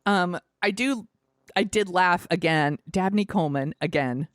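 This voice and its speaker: Woman, lower pitch, casual podcast chat, sweary and rambling, dry close sound. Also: a little slow, no room sound. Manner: rambling, sweary, lots of "like", laughs often. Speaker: podcast co-host.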